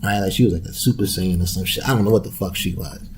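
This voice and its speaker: A man's voice: deep voice, fast talker, a little mellow, slight background noise. A young man hosting a podcast, ranting casually with loose street slang, profanity and laughter. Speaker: podcast host.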